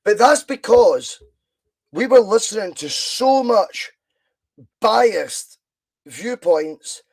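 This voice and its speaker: A fairly high-voiced Scotsman hosts an easygoing football podcast, stretching out his words with some vocal fry. He's spirited and opinionated, stressing his views emphatically.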